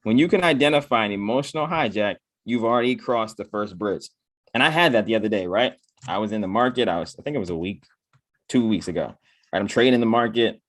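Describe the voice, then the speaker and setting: A man's voice: fairly low pitch, animated, fast, no room sound. A man giving a casual motivational talk, tagging "right?" onto almost every point and acting out his own inner voice in quotes. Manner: repeats "right?" after nearly every point. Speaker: motivational speaker.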